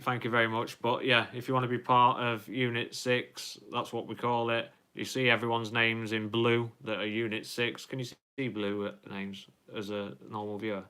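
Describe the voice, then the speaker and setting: A man's voice: medium pitch, sharp tone, smooth. A young man hosting a casual live stream, reading out viewer comments in a rambling way with many ums and restarts.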